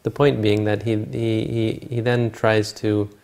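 A man's voice: lowish voice, little pitch movement, unhurried, creaky, darkish tone. A man retelling a Buddhist scripture story in a talk, informal and searching aloud for words and names.

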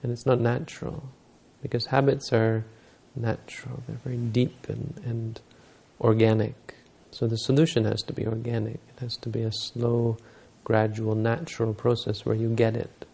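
A man's voice: medium pitch, monotone, normal speed, creaky, few pauses, warm tone. A man giving a Buddhist dharma talk, telling stories and explaining teachings unhurriedly, using Pali terms.

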